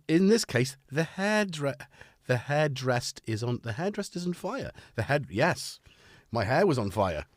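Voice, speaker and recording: A man's voice: medium pitch, no echo, clean studio sound. A man hosting a casual live stream, chatting and joking with viewers and greeting them by name.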